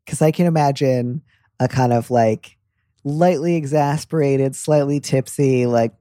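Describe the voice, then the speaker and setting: Playful man with a dark voice. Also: medium pitch, no room sound, clean studio sound. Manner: playful, joking, quick asides. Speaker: advice podcast host. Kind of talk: casual advice chat.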